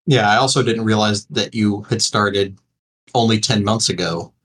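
A man's voice: on the low side, moderate pace, a bit bright, slightly rough. A young man co-hosting a podcast, talking earnestly with frequent restarts and small chuckles. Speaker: podcast co-host. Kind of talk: casual podcast chat.

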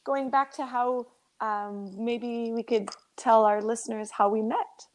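A woman's voice: on the high side, a little slow. A woman co-hosting a podcast, telling stories in casual chat and laughing often. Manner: chatty, laughs often, animated storytelling. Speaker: podcast co-host.

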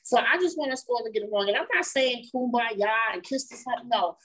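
A woman's voice: on the high side, expressive, a little fast, a bit bright, breathy edge, poor audio. A woman speaking candidly and emphatically as the wife of an incarcerated man, repeating words and laughing as she talks. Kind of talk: candid conversational testimony.

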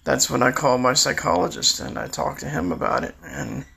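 Older man, sixties, heavy gravel and rasp, tense edge, rambling confessional delivery. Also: mid-range voice, moderate pace, sharp tone. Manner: rambling, confessional, restarts often. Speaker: storyteller recounting his life. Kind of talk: candid personal monologue.

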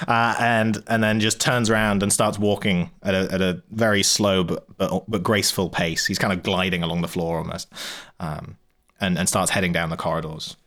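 A man narrating a tabletop game as game master in a casual, halting way with many fillers. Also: deep voice, level tone, fairly bright tone.

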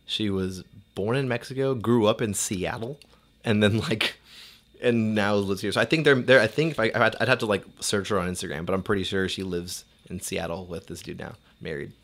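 Animated, profane young man telling a story. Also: fairly low pitch, brisk. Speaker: storyteller guest. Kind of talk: casual podcast chat.

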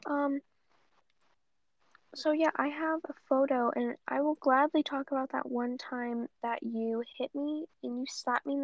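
A young woman vlogger goes on a casual rant, blunt and profane, full of rambling asides. Her voice is high-pitched, and the audio is dull, lo-fi, and dry with no room sound.

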